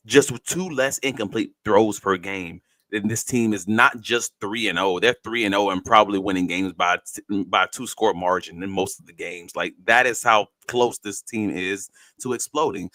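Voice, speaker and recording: Blunt, bright-voiced man talking football. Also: on the low side, dry recording. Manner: blunt, emphatic and outspoken. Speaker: podcast co-host. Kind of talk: casual sports talk.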